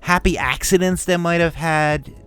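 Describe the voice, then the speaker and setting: A man hosting a radio show, chatting casually in an animated, jokey way and laughing often. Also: a little high, normal speed, soft background music.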